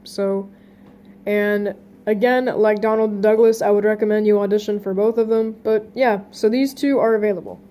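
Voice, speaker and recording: A woman's voice: medium pitch, steady tone, moderate pace, dark tone. A young woman hosting a casting call for voice roles, talking casually and rambling with many fillers and restarts. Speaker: channel host running a casting call.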